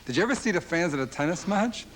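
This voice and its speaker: Fast-joking stand-up man with a high voice. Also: animated. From Philadelphia. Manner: rapid-fire observational jokes, mimics fans and dog owners in high voices. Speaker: stand-up comedian. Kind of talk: stand-up routine on a late-night talk show. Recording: old television broadcast with loud audience laughter. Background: studio audience laughing.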